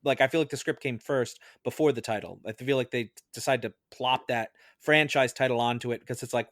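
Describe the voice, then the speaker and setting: A man's voice: medium pitch, a little fast, few pauses, a bit bright, no room sound, studio quality. A man on a podcast jury giving his verdict on a film in a chatty way, with lots of fillers. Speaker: podcast juror. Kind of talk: casual film discussion.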